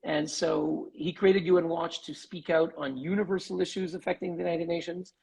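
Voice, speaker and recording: A man giving an articulate, measured interview as a human rights advocate over a video call. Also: fairly high pitch, steady tone, gravelly, darkish tone, slightly rough, rough recording. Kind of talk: live online interview.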